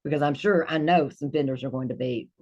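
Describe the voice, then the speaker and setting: An older woman hosting an interview show, speaking in a friendly, slightly halting way with fillers. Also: deep voice, a little mellow, muffled recording. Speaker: host.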